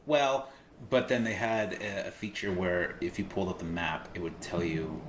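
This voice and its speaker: A man's voice: deep voice, steady tone, moderate pace, roomy sound, noisy background. A man casually commentating while he plays a video game, chatty, laughing often and explaining game mechanics. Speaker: player commentating on his gameplay.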